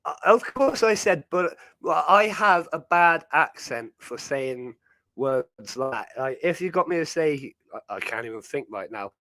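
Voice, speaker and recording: Young British male host, casual rambling chat, slightly high voice, dry close sound. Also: animated, measured pace, pushed and bright, no room sound. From Britain. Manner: rambling, chatty, many fillers. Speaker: livestream host.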